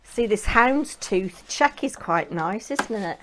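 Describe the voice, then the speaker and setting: A woman of middle pitch chats through a crafting session. She rambles, thinks aloud and keeps asking the viewer to agree with her. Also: expressive, slow, few pauses, background noise. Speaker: papercraft channel host. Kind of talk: chatty crafting vlog.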